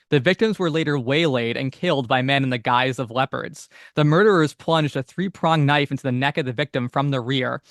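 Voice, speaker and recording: Male podcast co-host, mid pitch, close and dry mic, reads text aloud then chats loosely. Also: a bit bright, no room sound. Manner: reads old text steadily, chats with many fillers. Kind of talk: casual chat, reading passages aloud.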